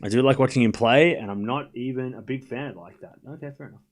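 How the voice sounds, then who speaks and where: A man's voice: medium pitch, fast. Casual man calling tennis on a stream. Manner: casual, chats with viewers between points. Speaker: livestream host. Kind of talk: live tennis watchalong commentary.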